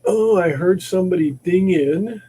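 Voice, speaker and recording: A man's voice: high-pitched, moderate pace, dark tone, breathy edge. Rambling man hosting a workshop livestream. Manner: rambling, repeats and restarts words. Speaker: livestream host of a maker shop. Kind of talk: casual livestream chat while working.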